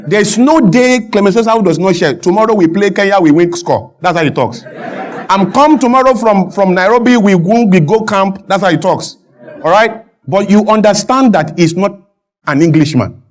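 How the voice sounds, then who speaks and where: Fervent Nigerian man, high voice. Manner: emphatic, repetitive, building to shouted points. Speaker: talk show guest. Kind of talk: impassioned studio interview.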